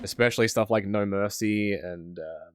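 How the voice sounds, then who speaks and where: A man's voice: fairly low pitch, normal speed, smooth. Chatty Australian man streaming a game. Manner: rambling, chatty, answers chat while playing. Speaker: live streamer. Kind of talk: casual gaming stream chat.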